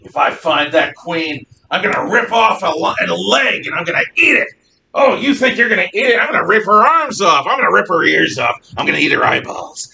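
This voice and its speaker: A man's voice: high-pitched, big pitch swings, fairly quick, vocal fry, echoey room, recorded from a distance, pitched above the performer's own voice, exaggerated voice. A man doing a shrieking bloodthirsty mob woman. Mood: furious. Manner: shouting threats, bloodthirsty. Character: furious shrieking woman of the mob, hungry for revenge.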